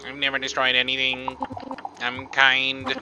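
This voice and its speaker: A man's voice: mid-range voice, completely flat delivery, a little slow, background noise, lightly acted. A man voicing a cocky, self-centered young male raccoon in a video game, reading the lines in a breezy, boastful way. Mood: defensive. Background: game music.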